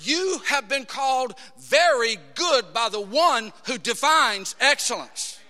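High, bright-voiced preaching man. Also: animated, slow pace. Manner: emphatic, rising to shouts, quotes scripture in acted voices. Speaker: pastor. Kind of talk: sermon. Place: church sanctuary. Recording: long hall reverb.

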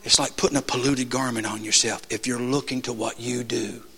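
A man preaching a sermon in church, calling out questions to the congregation and swinging between shouts and soft asides. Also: medium pitch, steady tone, a little fast, slightly rough. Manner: call-and-response, rhetorical questions to the congregation. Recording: long church hall reverb.

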